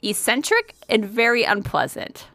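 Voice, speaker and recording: A woman's voice: a little high, very animated, measured pace, gravelly, a bit bright, dry recording, clean studio sound. A woman co-hosting a podcast, telling a story in casual chat, swearing freely, laughing often and poking fun at herself. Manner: profane, laughs often, self-deprecating. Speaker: podcast co-host.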